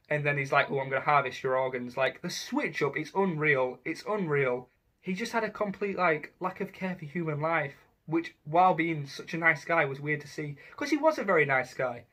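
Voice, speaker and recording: A young man talks casually and eagerly, dropping slang as he ranks villains for his channel. His voice sits a touch high and rings bright and forceful. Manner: chatty, enthusiastic, slangy. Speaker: YouTuber. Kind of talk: casual ranking commentary.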